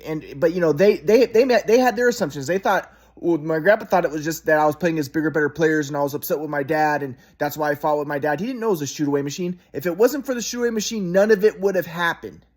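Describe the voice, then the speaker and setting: A man's voice: fairly high pitch, quick pace, hardly any pauses. A man in his thirties in a rambling, repetitive casual monologue, agitated and swearing.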